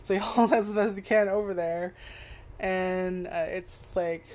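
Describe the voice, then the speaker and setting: A woman's voice: mid-range voice, fairly even intonation, normal speed, darkish tone. A woman giving casual first impressions of a show, rambling, swearing freely and correcting herself as she goes. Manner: rambling, profane, self-correcting. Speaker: anime reviewer.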